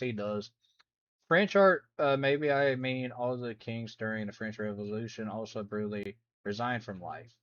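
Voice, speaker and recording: A reaction host chatting casually and excitedly, with loud sudden outbursts. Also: medium pitch. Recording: dull, dry close sound.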